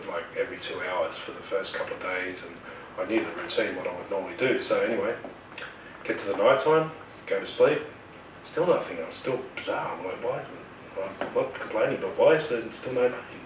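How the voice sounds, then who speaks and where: A middle-aged Australian man casually telling a personal story in a rambling, animated way, acting out the voices of the people in it. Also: low voice, a little fast, echoey room, distant mic, background noise. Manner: rambling, animated retelling with quoted dialogue. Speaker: healer telling his story.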